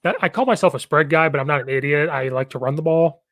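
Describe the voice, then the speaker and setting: A man's voice: fairly high pitch, fast, fairly bright tone, dry recording. A man hosting a podcast and chatting casually about coaching football, telling rambling stories with a lot of enthusiasm.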